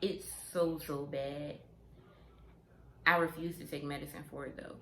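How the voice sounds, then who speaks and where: A young woman vlogger chatting candidly to camera, unhurried and frank, repeating her points for emphasis. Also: low-pitched, gravelly. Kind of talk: candid casual chat to camera. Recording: roomy sound with steady background noise.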